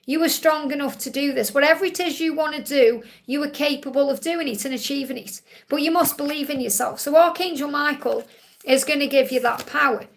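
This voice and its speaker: A high-pitched woman with a gravelly edge hosts a live card-reading stream. She reads out viewers' questions, passes on messages and reassures each one, often ending with "okay?". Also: brisk. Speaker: psychic card reader.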